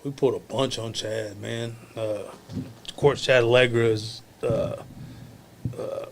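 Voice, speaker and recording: A former wrestler guesting on a podcast tells profane backstage stories in a mid-range, gravelly voice, unhurried in pace. He's crude and animated, swears constantly and laughs at his own tales, with slight background noise in the recording.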